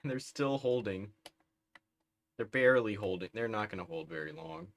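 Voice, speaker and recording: A man's voice: lowish voice, animated, moderate pace, creaky, pauses often. A man livestreaming a strategy game, giving casual, bemused running commentary and laughing often.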